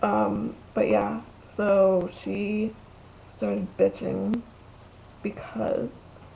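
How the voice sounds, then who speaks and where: Very gravelly young woman rambling to a webcam. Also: mid-range voice, big pitch swings, very slow, warm tone, slight background noise, poor audio. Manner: rambling, loses track, crude swearing. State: very tired. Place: room at home. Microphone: webcam at the computer.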